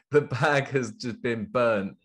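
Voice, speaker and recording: A man's voice: mid-range voice, slow, a bit bright. A man hosting a casual podcast, chatty and jokey, running through the agenda. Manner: upbeat, jokey, chatty presenter. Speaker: podcast host.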